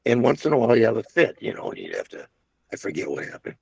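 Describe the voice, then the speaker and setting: A man's voice: medium pitch, huge pitch swings, fast talker, creaky, darkish tone, slightly rough, no room sound. An older man reminiscing casually about his restaurant days, a rambling storyteller full of restarts and asides. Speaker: interviewee recalling restaurant days.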